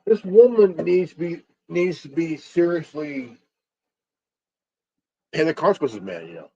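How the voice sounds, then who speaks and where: A man ranting alone on his stream, angry, stumbling and repeating words, swearing and filling pauses with ums. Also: on the high side, lively intonation, warm tone, slightly rough. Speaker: stream host. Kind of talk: angry solo rant. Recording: dull lo-fi stream audio.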